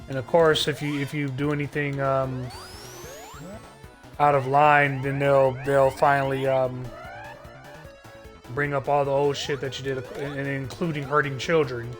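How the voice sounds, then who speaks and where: A man's voice: medium pitch, flat delivery, unhurried, pauses often, faint music behind. A man ranting sarcastically on a live stream, swearing often and stumbling through restarts. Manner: profane, heated, sarcastic ranting with frequent filler restarts.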